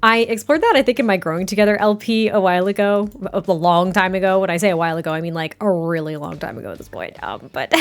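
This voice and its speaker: A woman's voice: lowish voice, expressive, fast. A young woman narrating a life-sim game story in a chatty, giggly, rambling way. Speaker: gameplay creator.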